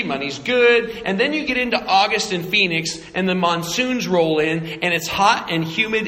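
Animated male preacher in a reverberant hall. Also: high-pitched. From Arizona. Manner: animated, acts out voices and jokes. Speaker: pastor. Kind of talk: sermon.

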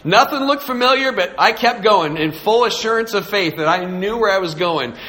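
Man pastor, high bright voice, echoey church. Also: lively intonation, moderate pace. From California. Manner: flippant, sarcastic, self-mocking. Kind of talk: storytelling sermon. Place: church sanctuary. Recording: echoey hall reverb.

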